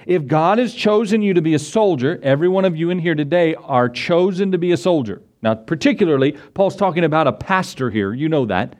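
A male pastor preaching a sermon, reading scripture slowly and asking the congregation rhetorical questions. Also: on the high side, animated, a little mellow.

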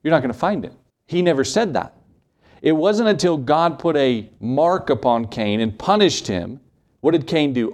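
A man delivers a sermon with emphatic, pulpit-style force, his voice at an ordinary middle pitch and slightly dark in tone. He speaks expressively at a normal speed, repeatedly posing rhetorical questions to hammer home his points.

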